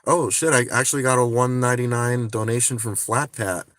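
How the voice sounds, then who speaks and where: A man's voice: mid-range voice, steady tone, a little fast, a bit bright, no echo. A man chatting casually on a phone livestream, rambling with many restarts and frequent swearing.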